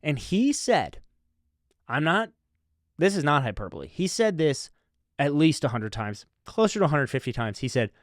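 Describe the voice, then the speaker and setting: A man hosting a comedy podcast, telling a rambling story with deadpan, mock-serious asides. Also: fairly high pitch, normal speed, no echo, clean studio sound. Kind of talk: comic storytelling.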